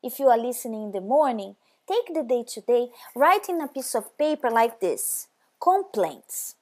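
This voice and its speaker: A woman's voice: a little high, lively intonation, moderate pace. A woman giving a motivational devotional talk, speaking directly and emphatically to the listener.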